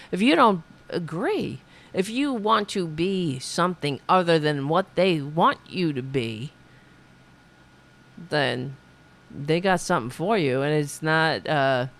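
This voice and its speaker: Lady host ranting sarcastically, slow and drawn out, political commentary. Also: low-pitched, creaky. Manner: sarcastic, mocking. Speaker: podcast host.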